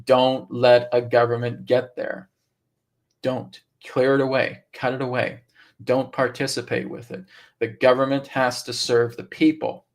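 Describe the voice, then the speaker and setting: A stern, ancient inner-earth woman, as a man channels her gives advice in a live session. She hammers the point home in short, emphatic commands that she keeps repeating. The voice has a gravelly, creaky grain at an ordinary middle pitch. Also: little pitch movement, unhurried, natural voice. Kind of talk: channeled speech in a live stream.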